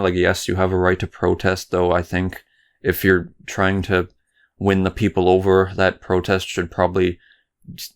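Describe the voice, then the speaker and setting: A young Canadian man with a low, smooth voice hosts a solo podcast. He rambles through political commentary, swearing and tripping over his words.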